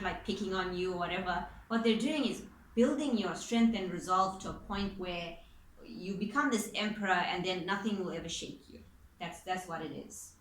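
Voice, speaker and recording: A woman's voice: medium pitch, background noise. Chatty woman giving a casual tarot reading. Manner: chatty and informal, with casual swearing. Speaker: tarot reader. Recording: echoey room with faint ambience.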